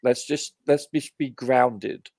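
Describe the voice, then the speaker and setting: A man's voice: medium pitch, slow, creaky, a little mellow, no echo, clean studio sound. A man on a live football review panel giving earnest, emphatic opinions, often hedging with "you know". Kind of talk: casual live match review.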